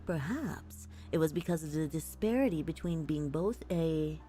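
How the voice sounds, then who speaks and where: A woman voicing a researcher's notes on an old ritual, read aloud in a measured, intrigued way. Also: sits low, expressive, mellow, soft background music, rough recording. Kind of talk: read-aloud document in a game dub.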